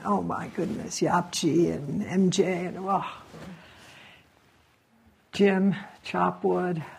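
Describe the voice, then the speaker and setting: A woman meditation teacher giving closing remarks at a retreat, speaking in a reflective, halting and gently encouraging way. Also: on the low side, vocal fry, a little hiss or hum.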